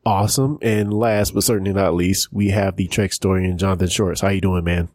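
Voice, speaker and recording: A man's voice: deep voice, steady tone, fairly quick, darkish tone, no echo, studio quality. A man hosting a fan podcast, upbeat and chatty as he introduces guests and reads plugs. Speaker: podcast host. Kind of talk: casual podcast chat.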